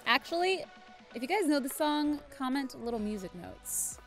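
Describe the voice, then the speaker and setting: High-voiced playful woman gamer. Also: big pitch swings, normal speed, soft background music. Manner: playful and chatty, scolding the in-game pets. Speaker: gaming channel host. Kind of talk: casual let's-play commentary.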